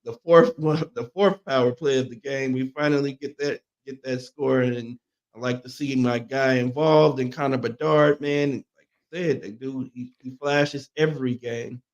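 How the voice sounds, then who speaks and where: A man's voice: medium pitch, fairly even intonation, normal speed, lo-fi sound. A man co-hosting a sports talk show, chatting through game analysis in a laid-back, agreeable way. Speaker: sports radio co-host.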